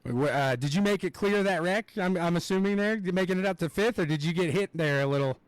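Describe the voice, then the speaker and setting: A young man giving live play-by-play commentary on a race, excitable and rambling, with plenty of fillers and asides. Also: high voice, fast, dry recording.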